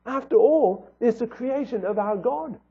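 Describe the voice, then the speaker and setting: A man's voice: very high-pitched, a little slow, husky. A man preaching a sermon in an earnest tone, asking rhetorical questions. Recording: tinny phone-like audio.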